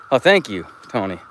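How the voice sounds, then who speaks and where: A man's voice: lowish voice, a bit bright, slight background noise. Rambling, cursing man vlogging outdoors. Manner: profane, chatty storytelling. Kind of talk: casual rambling walk-and-talk. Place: outdoors, walking around an open lot.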